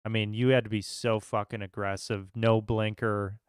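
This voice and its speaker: Male co-host, smooth voice, incredulous profane chat, dry. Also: on the low side, flat delivery, moderate pace, dry recording. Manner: incredulous, swearing, laughing. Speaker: podcast co-host.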